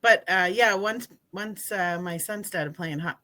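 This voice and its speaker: A woman's voice: mid-range voice, unhurried, pushed and bright. A middle-aged woman with a New England accent, chatting as a podcast guest, talking freely and laughing often at herself. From Massachusetts, raised in New Hampshire. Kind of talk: casual chat.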